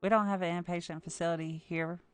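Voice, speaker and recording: A woman voicing a calm, matter-of-fact male hospital doctor in a story game, reading him in a low voice. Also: fast talker, clean tone, soft background music, lightly acted. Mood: businesslike.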